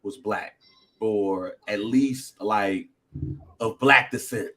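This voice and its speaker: A man, co-hosting a casual podcast, talking excitedly with frequent laughs and high, animated bursts. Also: takes it slowly. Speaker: podcast co-host.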